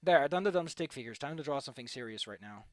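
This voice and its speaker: A man's voice: medium pitch, lively intonation, fast talker, no room sound. A young man rambling goofily as he draws on a stream, repeating words playfully and joking to himself. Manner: goofy, rambling, playful repetition. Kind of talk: casual commentary while drawing.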